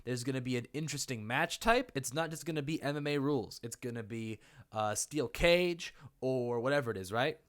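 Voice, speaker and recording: A man's voice: mid-range voice, fairly quick. Goofy young man riffing casually. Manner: goofy, playful, laughs often. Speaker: YouTuber. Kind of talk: casual unscripted commentary.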